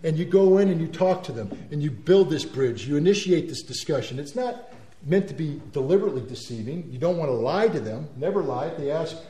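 A man delivers a lively talk to an audience. He is emphatic and repeats words for force, now and then mimicking the people he describes. His voice sits slightly high and rings in a roomy, echoey space. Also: fairly quick. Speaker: speaker. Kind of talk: speech to an audience. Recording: roomy echo.

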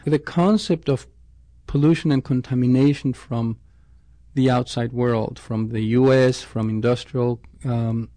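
A man's voice: medium pitch, fairly even intonation, unhurried, dark tone, no echo. A man, a scientist, answering interview questions thoughtfully, often restarting his sentences. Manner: thoughtful, with frequent restarts and self-corrections.

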